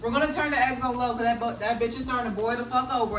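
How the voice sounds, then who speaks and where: A woman's voice: on the high side, fast, hardly any pauses, background noise. Chatty young woman, far from the mic. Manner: chatty, profane, jokey self-narration. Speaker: vlogger. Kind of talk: casual cooking vlog. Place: home kitchen. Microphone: phone on a charger, away from the stove.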